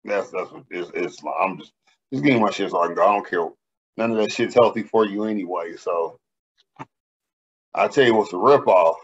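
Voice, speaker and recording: Profane, animated man telling stories. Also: deep voice, moderate pace, slightly rough, lo-fi sound. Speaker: podcast co-host. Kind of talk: casual podcast banter.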